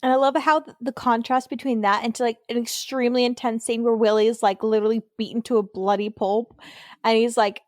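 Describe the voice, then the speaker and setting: Young woman, podcast co-host, fairly high voice, dry close sound. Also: a little fast, no echo. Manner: animated, laughing, acts out quoted lines. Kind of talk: casual chat.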